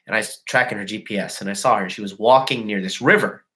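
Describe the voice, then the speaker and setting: A man's voice: fairly low pitch, quick pace, pushed and bright, rough recording. A man hosting a live show and casually telling a crude, profane story to his chat, mocking the people in it with put-on voices. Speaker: host.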